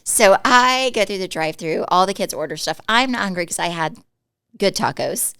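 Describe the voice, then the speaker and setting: A smooth, mid-range voice in a dry recording comes from a Dallas, Texas woman in her forties who co-hosts a podcast. In relaxed chat she plays the storyteller, laughing readily and acting out people's words with animation.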